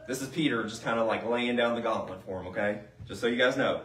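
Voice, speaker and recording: A man's voice: mid-range voice, quick pace, few pauses, a bit bright. A man preaching a sermon as pastor, talking casually and asking his congregation questions. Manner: conversational, asks the congregation questions. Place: church sanctuary. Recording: roomy sound from a distance.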